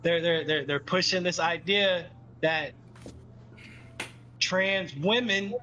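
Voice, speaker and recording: A man's voice: high-pitched, slow pace, bright, forceful tone, highs cut off. A man in casual podcast chat, emphatic and stammering, repeating himself. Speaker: podcast co-host.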